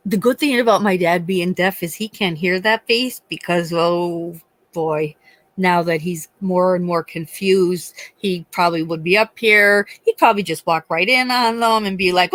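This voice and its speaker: A woman's voice: medium pitch, a bit bright, no echo. A woman in her forties chatting casually on a live stream, telling stories as a mother and acting out the voices of the people she quotes. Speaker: livestream host.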